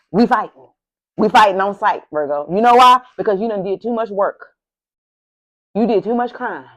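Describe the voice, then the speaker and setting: In a muffled recording, a woman with a mid-range voice does a casual tarot reading to camera using the camera mic. She's sassy and profane, talking right at the viewer with lots of animation.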